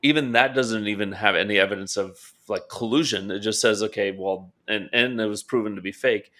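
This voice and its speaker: A man's voice: on the low side, a little fast, a bit bright. A man co-hosting a political talk show, casual and conversational, checking in with "right?". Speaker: podcast co-host. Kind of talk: political commentary chat.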